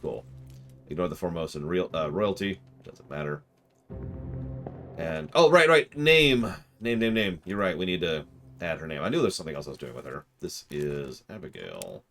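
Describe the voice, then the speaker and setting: A man's voice: deep voice, big pitch swings, normal speed, gravelly, fairly bright tone, slight background noise. A man streaming a game and chatting with his viewers, rambling as he works through puzzles aloud. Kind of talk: casual livestream commentary.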